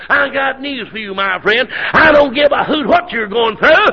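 A middle-aged preacher with a sore throat tells a homespun sermon story in a high, husky voice that turns gravelly at the edges. His folksy delivery moves at a moderate pace with hardly any pauses, swinging from a hushed drawl up to hollering praise. The recording sounds dull and lo-fi.

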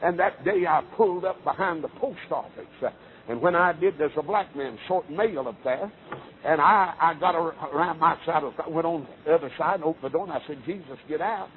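A man preaching a revival sermon, telling stories with many fillers and rising to fervent shouts. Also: on the high side, brisk. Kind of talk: Southern revival sermon storytelling. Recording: tinny lo-fi phone-like sermon recording.

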